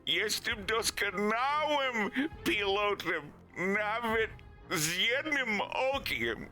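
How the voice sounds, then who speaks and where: A one-eyed pilot begs his captors in slow, stumbling speech, as a man puts him on. The voice sits high and tight, with a bright, strained edge. Faint music plays underneath. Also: lively intonation, full character voice. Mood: halting, pleading. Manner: slow, stumbling, careful foreign-language reading. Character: one-eyed male pilot pleading in halting Polish.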